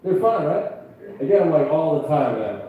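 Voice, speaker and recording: A man's voice: a little high, very animated, moderate pace, warm tone. A man doing awkward one-liners at an open mic, checking in with the crowd between jokes. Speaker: stand-up comedian. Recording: echoey, phone-like sound from a distance.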